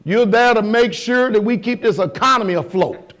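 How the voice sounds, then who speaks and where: High-voiced preaching man. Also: moderate pace. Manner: preaching with swings from low asides to loud shouting; colloquial, conversational preaching with rhetorical questions. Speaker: pastor. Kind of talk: sermon.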